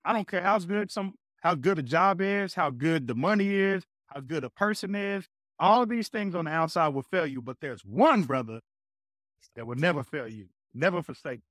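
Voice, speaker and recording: Energetic man telling a faith story. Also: fairly high pitch, normal speed, no room sound, studio quality. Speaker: podcast guest. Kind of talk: casual faith talk.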